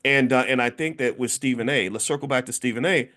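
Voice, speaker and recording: A man's voice: medium pitch, fast talker. A man in his fifties talking casually to viewers, telling stories and acting out the voices of people he quotes, with many restarts. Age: 50s. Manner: animated storytelling, acts out quoted voices, frequent restarts. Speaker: commentator.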